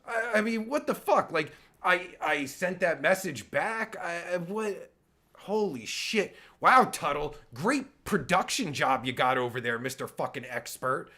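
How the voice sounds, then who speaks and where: A man's voice: fairly high pitch, lively intonation, measured pace, pushed and bright. A man hosting his own livestream, reacting to a clip in an exasperated, sarcastic and stammering rant. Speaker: podcast host reacting to a clip.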